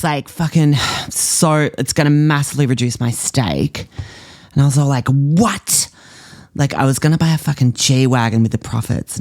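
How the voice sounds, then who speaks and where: A man's voice: medium pitch, darkish tone, no room sound, clean studio sound, natural voice. A man playing a spoiled, self-obsessed teenage girl influencer with an Australian accent, chattering with whiny valley-girl fillers in a comedy podcast. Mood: furious. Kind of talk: comedy podcast monologue in character.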